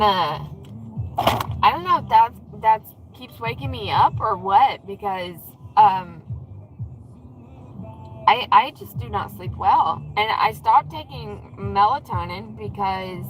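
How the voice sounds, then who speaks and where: A woman's voice: medium pitch, a bit bright, rough recording. A woman livestreaming casually while driving, chatty, swearing freely and acting out what others said. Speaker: vlogger. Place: in a car in traffic. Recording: faint road noise and rattles.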